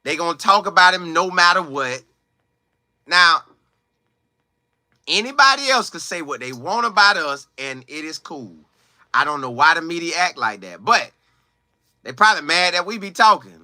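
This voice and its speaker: Male sports vlogger, bright forceful voice, dry close sound, animated and emphatic. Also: high voice, moderate pace, no echo. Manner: animated, emphatic, slangy storytelling. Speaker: sports commentator. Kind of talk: casual commentary vlog.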